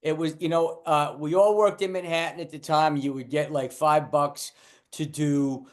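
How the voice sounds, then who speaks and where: An older man recounts his comedy days in lively anecdotes. His voice sits a touch high for a man. He restarts his sentences often and acts out the quotes. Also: normal speed. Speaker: guest comedian. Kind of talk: storytelling in a casual chat.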